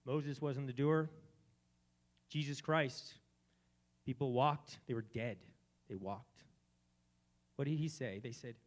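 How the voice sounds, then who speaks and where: A man hosting a live community gathering, speaking fervently about faith and swinging between soft and loud phrases. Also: medium pitch, measured pace, long pauses. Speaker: event host. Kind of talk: spiritual talk at a live gathering.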